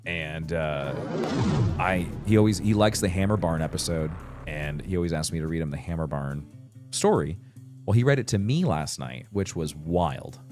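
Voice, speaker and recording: A man's voice: very deep voice, normal speed, over music. A man in his thirties hosting a livestream, chatting casually with lots of fillers, restarts and laughs. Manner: rambling, many fillers and restarts, laughs often. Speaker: livestream host. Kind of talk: casual chat with chat readers.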